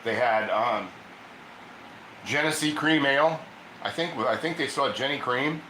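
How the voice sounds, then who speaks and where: A man's voice: mid-range voice, a little slow, bright, forceful tone, slight background noise. Chatty man in an echoey kitchen. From Ohio. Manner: rambling, chatty, reads viewer comments aloud. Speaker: cooking livestream host. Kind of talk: casual livestream chat while cooking.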